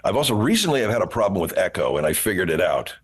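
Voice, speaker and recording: A man's voice: low-pitched, very animated, fast, slightly rough. An older man being interviewed, a radio host telling stories and breaking into character voices with laughter. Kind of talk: casual interview chat.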